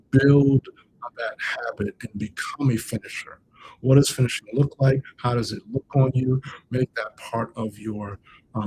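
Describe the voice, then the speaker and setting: A man's voice: medium pitch, darkish tone, slight background noise, poor audio. A man coaching on a livestream. He talks casually, repeats and restates his points for emphasis, and addresses viewers in the chat directly. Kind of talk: livestream motivational talk.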